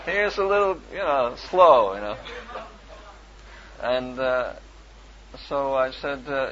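A man's voice: mid-range voice, very slow, pauses often, fairly bright tone. A man casually recounting an anecdote as a volunteer, rambling with many fillers and chuckles. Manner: rambling, full of "you know", chuckling. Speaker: volunteer book distributor telling an anecdote. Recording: dull lo-fi recording with faint hiss.

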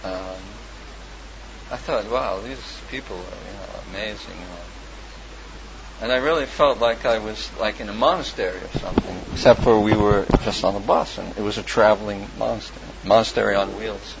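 A man with a somewhat low voice recounts his past in a loose, meandering way, stopping for fillers and restarting his sentences. The recording sounds dull and lo-fi, with steady ambient noise clearly behind him. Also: normal speed. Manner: rambling, many fillers and restarts, chuckles often. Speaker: storyteller recalling his past. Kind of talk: casual spoken memoir.

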